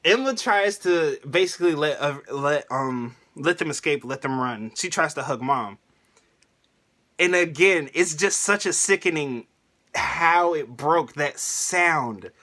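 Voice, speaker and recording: An excitable man in a casual rant, with a fairly high voice. His tone is bright and sharp. He laughs often and drops slang as he goes. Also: unhurried. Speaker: anime reviewer vlogger.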